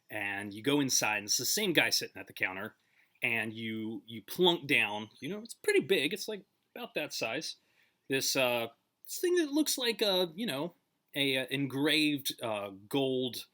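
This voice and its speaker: A man's voice: mid-range voice, bright, forceful tone. A man telling a story in a casual, conversational way, with many fillers and restarts.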